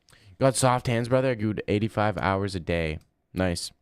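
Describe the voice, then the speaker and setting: A young man on a casual livestream trades crude, deadpan jabs with his chat at a normal speed. His somewhat low voice sounds smooth and clear, picked up close to a desk mic in a dry room.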